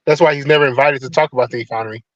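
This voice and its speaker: A man's voice: mid-range voice, fairly even intonation, very fast, dull audio, a crowd in the background. A man speaking as a guest in casual commentary, laid-back and dismissive, swearing freely.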